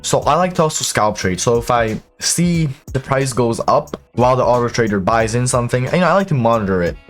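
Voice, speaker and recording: A man's voice: medium pitch, animated, fairly quick, soft background music. Brash, swearing young man. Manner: brash, swears often, talks straight to viewers. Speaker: crypto trading YouTuber. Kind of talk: casual profane tutorial monologue.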